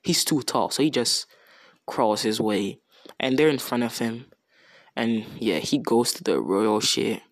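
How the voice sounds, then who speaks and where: A man's voice: mid-range voice, unhurried, no room sound. A young man improvising a fan story in a rambling, slangy, casual way with many restarts.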